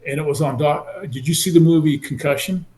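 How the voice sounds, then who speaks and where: A man in his sixties from California, a former football player telling his story in an animated way and acting out the people he quotes. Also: fairly high pitch, a little fast. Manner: animated, acts out quoted voices. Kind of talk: casual storytelling interview. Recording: roomy echo.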